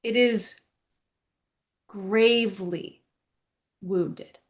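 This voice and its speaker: A woman narrating scenes in a tabletop game in a casual, halting way. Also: mid-range voice, steady tone.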